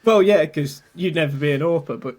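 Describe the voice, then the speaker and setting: Man, podcast host, high-pitched voice, casual banter, teasing, laughs a lot. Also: brisk.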